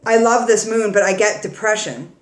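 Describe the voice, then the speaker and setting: A woman giving a casual tarot reading to camera, blunt and swearing freely but warm and emotional toward her viewers. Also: mid-range voice, moderate pace, reverberant. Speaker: tarot reader.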